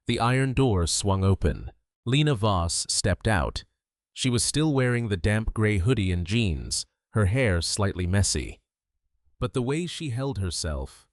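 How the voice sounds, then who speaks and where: A man reading a dramatic story as a narrator, in a measured storytelling manner. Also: lowish voice, no room sound, studio quality.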